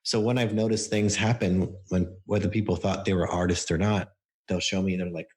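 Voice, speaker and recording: A man's voice: deep voice, steady tone, fast, darkish tone. A man on a podcast interview, explaining his coaching process through stories and acted-out quotes from clients. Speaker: book coach guest.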